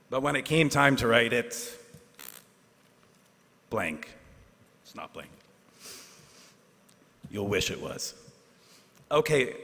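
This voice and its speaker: Man, teacher at a graduation, earnest with wry asides, mid pitch, reverberant ceremony hall. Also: fairly bright tone. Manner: earnest, self-deprecating, with asides and pauses for effect. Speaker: teacher giving a graduation speech. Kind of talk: ceremonial speech.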